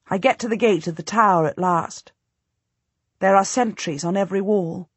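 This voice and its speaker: A woman narrating a first-person historical novel as an audiobook, in a measured, steady way. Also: fairly low pitch, breathy edge, no echo.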